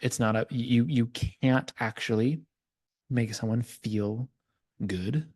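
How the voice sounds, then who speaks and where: A man's voice: medium pitch, slow, a little mellow, slightly rough. A man, a coach as a podcast guest, earnestly explaining his ideas in a conversational teaching style and giving examples.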